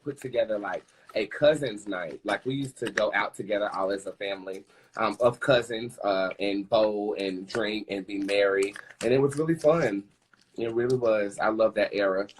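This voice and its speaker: A man giving a casual tarot reading on his vlog, chatty and sassy, with quick asides to his viewers. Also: lowish voice, a little hiss or hum. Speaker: tarot reader and vlogger.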